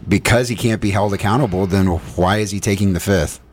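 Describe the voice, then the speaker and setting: Deep-voiced New England radio co-host. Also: male voice. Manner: rambling, halting restarts. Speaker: radio morning show co-host. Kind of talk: casual radio talk.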